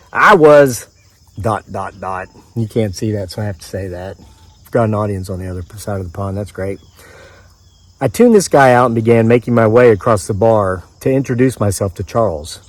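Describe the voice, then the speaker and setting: A man's voice: lowish voice, darkish tone, no room sound. Man reading his own story in the woods. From mid-Atlantic United States. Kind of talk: reading a story aloud with offhand asides. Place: outdoors in the woods.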